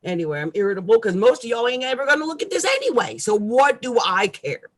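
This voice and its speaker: A middle-aged woman astrologer ranting irritably on a live stream, with loud outbursts and quiet asides. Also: fairly high pitch, big pitch swings, quick pace.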